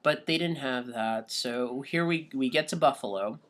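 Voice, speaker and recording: A man co-hosting a podcast, telling a travel story in a casual, halting way with many fillers and restarts. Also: mid-range voice, a bit bright. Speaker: podcast co-host.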